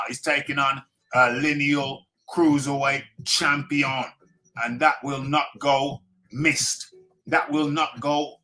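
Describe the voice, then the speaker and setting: A man's voice: mid-range voice, pushed and bright. A man hosting a live boxing talk show, insistent, repeating himself and talking over his guests. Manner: insistent, repeats phrases, talks over others; pushes viewer buttons like a presenter.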